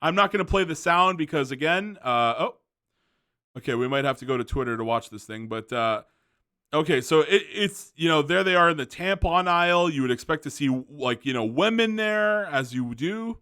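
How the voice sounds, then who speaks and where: A man's voice: a little high, expressive, normal speed, pushed and bright, smooth. A man hosting a commentary video, ranting angrily with profanity, fillers and restarts.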